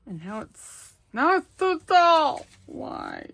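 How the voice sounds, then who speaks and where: A woman's voice: sits high, huge pitch swings, takes it slowly, creaky, a bit bright. A middle-aged woman chatting casually to herself as she works on a craft project, self-deprecating and rambling. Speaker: crafting channel host. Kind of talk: casual chat while crafting.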